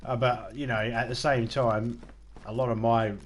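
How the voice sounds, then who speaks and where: An Australian man talks to his live-stream chat while he plays, in a loose, rambling way. His voice sits at an ordinary middle pitch, and he mocks himself and swears without a second thought. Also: little pitch movement, moderate pace, a little hiss or hum. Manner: rambling, laid-back, self-mocking, swears freely. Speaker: game streamer chatting with viewers.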